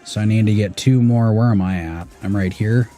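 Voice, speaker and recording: A man's voice: lowish voice, normal speed, mellow, soft background music. A man in his thirties from Washington State, casually talking through an off-road driving game, muttering to himself and swearing now and then. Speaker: gaming streamer. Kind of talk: casual gameplay commentary.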